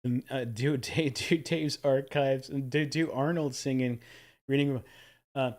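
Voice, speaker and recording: A man's voice: medium pitch, normal speed. A man hosting a casual livestream, chatting enthusiastically and thanking viewers for tips. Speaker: livestream host.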